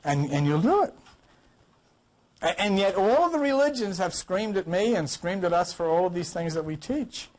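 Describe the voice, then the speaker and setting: A man's voice: sits high, expressive, normal speed, a little mellow. A man teaching an informal Bible study class, emphatic and full of rhetorical questions, coughing now and then.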